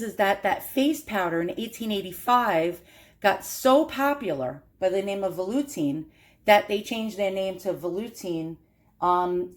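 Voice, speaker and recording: A woman from Queens with a strong New York accent, chatting casually and laughing at herself as she shows off antiques in a vlog. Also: medium pitch. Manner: chatty, self-deprecating, laughs often. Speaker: antiques collector vlogger. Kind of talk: casual show-and-tell vlog.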